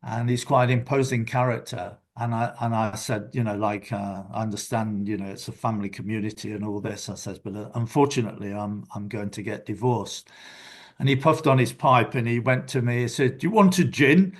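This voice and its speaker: A man's voice: fairly low pitch, fairly even intonation, fairly quick. An older man, a guest in a casual interview, telling reflective stories from his working life. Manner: reflective, anecdotal storyteller.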